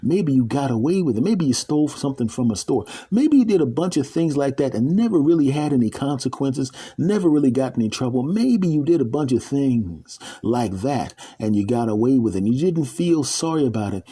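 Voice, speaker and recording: A middle-aged man telling a funny story as a monologue, animated and often jumping into character voices. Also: mid-range voice, fairly quick, hardly any pauses, husky. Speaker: comedic storyteller. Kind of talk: comedic monologue.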